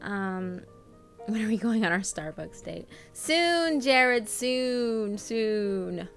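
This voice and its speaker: A young woman streamer chats casually with her viewers, reading their names aloud amid plenty of ums and laughter. Her voice is medium in pitch and slow, with faint music in the background.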